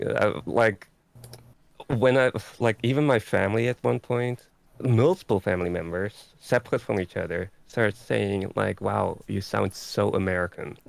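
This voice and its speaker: A man's voice: on the low side, moderate pace, creaky. A man from the Netherlands chatting casually as a guest, hesitant and stammering, with laughs. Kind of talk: casual chat.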